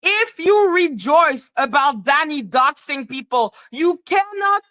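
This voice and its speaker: A woman's voice: high-pitched, lively intonation, takes it slowly, bright, forceful tone, poor audio. A woman hosting a commentary livestream, ranting in a profane, sarcastic and scornful way. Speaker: commentary channel host. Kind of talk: livestream rant.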